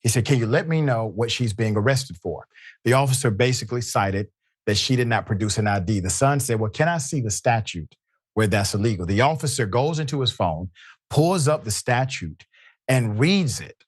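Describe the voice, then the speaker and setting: Emphatic male news host speaking at a middle pitch. His voice is close and dry, with no room sound. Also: lively intonation, normal speed, husky, no echo. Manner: emphatic, indignant. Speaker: show host. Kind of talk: live news commentary.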